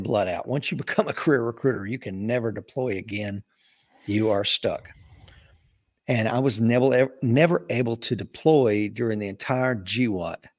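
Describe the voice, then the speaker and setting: Man, interview guest, animated storytelling, voices the people he quotes, mid-pitched. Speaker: interview guest, retired Marine officer.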